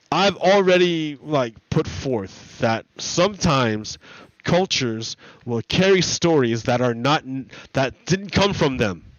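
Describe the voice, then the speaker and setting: A man's voice: fairly high pitch, no echo, highs cut off. A man streaming, retelling stories in a rambling, profane way full of restarts. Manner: rambling, profane, self-correcting. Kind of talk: casual rambling storytelling.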